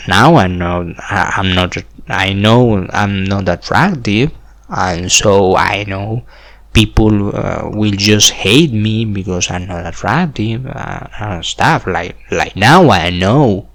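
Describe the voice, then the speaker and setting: A man's voice: on the low side, slow pace, fairly bright tone. A man in his twenties talking in a rambling monologue, repeating "like" and chuckling between phrases. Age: 20s.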